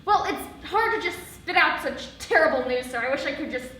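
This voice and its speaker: Teen girl as a flustered soldier boy, rambling, giggly, high bright voice, very echoey hall, distant mic. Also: lively intonation, brisk. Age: teens. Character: bumbling, nervous young male soldier. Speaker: student actor. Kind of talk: live high school stage play. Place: school theatre stage.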